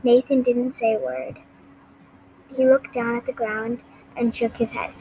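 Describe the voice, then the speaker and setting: A woman's voice: on the high side, little pitch movement, a little slow, background noise. Woman reading a novel aloud. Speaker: audiobook reader.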